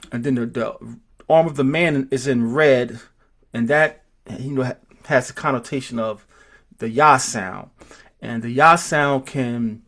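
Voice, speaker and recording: A man teaching an informal group class, talking slowly and thinking aloud, with many restarts and repeated words. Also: medium pitch, a bit bright. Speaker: teacher of a Hebrew roots class.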